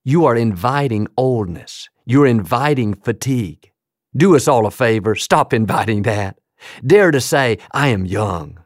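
A man preaching a sermon in a rhythmic, emphatic way, slowing down on quoted phrases. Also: mid-range voice, animated, no echo, studio quality. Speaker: pastor.

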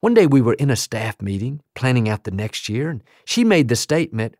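A man's voice: mid-range voice, big pitch swings, a little fast, hardly any pauses, darkish tone, dry recording, studio quality. A middle-aged male pastor preaching a sermon with emphatic, repeated declarations and punchy rises on key phrases.

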